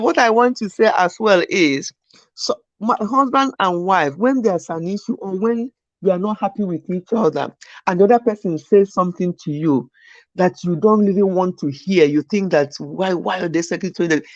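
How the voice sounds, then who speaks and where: Animated woman host, muffled lo-fi sound. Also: lowish voice, moderate pace, no echo. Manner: animated, acts out quoted spouses. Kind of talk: casual chat on marriage.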